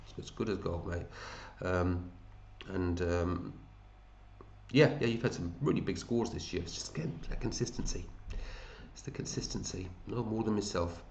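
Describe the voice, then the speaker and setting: A man's voice: low voice, moderate pace, darkish tone, roomy sound, slight background noise. A man hosting a fantasy football league, chatting casually and matey as he runs through scores and thinks aloud. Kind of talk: casual commentary over a screen.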